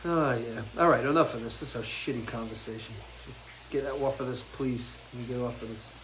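A man hosting a casual live chat with viewers, rambling and crude, jumping from loud, animated outbursts to low mutters. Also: fairly quick, slight background noise, poor audio. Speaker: host.

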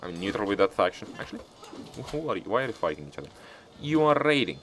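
A man's voice: deep voice, sing-song, racing, a bit bright, a little hiss or hum. A man giving casual, profane gameplay commentary as a let's-player, talking back at the game as he plays.

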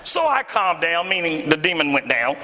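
Preacher man telling a story from the pulpit, voice leaps all over, kinda high, church echo. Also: moderate pace, very noisy. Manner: animated, acts out dialogue with big pitch swings. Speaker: pastor. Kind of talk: storytelling sermon. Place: church hall before a congregation. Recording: echoey church hall.

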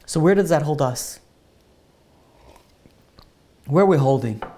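A woman's voice: low-pitched, lively intonation, slow pace, dark tone. A woman giving an earnest sermon-style talk, telling stories with many restarts and acting out the quotes. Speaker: speaker giving a Tisha B'Av talk. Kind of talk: sermon with storytelling.

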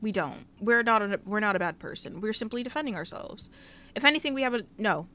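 A woman giving casual, sassy Let's Play commentary, scolding the characters in her game out loud, recorded on a headset mic. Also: mid-range voice, animated, brisk, slight background noise. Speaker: gaming YouTuber.

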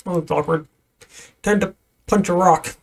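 A woman's voice: on the low side, moderate pace. A woman streamer giving casual let's-play commentary, laughing nervously and talking to the game's creatures.

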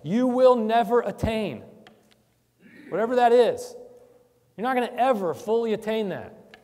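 A man's voice: high-pitched, expressive, measured pace, in a large hall. Man preaching with a lot of swing in his voice. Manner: conversational, swings from quiet reflection to loud emphatic urging. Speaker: church speaker. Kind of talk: sermon.

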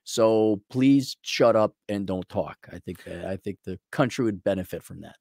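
A man's voice: on the low side, moderate pace, vocal fry, darkish tone, no echo. A man co-hosting a casual livestream who rants bluntly and sarcastically, with profanity. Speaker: co-host.

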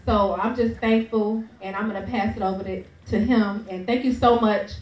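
A woman's voice: medium pitch, fairly even intonation, moderate pace, a little mellow, muffled recording. A woman telling a personal story on stage at a training event, laughing often and speaking with grateful emotion. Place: large event room. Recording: echoey hall, mic at a distance.

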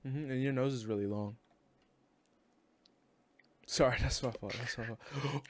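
Young man, mid-pitched, brash roasting banter with frequent laughs, close desk mic. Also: expressive, measured pace, pauses often. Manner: brash, teasing, laughs often. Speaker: video chat prankster. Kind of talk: casual roasting chat. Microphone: own desk microphone.

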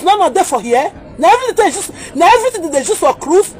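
A woman's voice: very high voice, sing-song, quick pace, few pauses, darkish tone, a faint crowd. A Nigerian woman from Edo, ranting in a heated, pleading way in a vlog, repeating herself as she scolds people. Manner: agitated, pleading, repetitive. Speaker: vlogger.

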